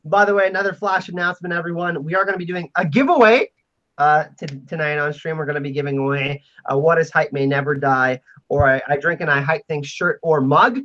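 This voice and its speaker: Excitable man hosting, muffled stream audio. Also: fairly high pitch, a little fast. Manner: excitable, rambling announcements. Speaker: podcast host. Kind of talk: casual panel chat.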